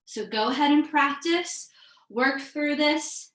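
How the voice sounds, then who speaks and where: A woman's voice: sits high, slow pace, reverberant, poor audio. Upbeat woman calling yoga poses. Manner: upbeat, encouraging, calls out breaths and poses. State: a bit out of breath. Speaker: yoga instructor. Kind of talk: live online yoga class cues.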